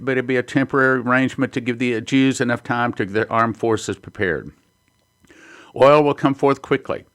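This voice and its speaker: A man's voice: medium pitch, a bit bright. Earnest man preaching prophecy. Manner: earnest, reads headlines and quotes aloud. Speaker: prophecy ministry host. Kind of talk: sermon-style prophecy teaching.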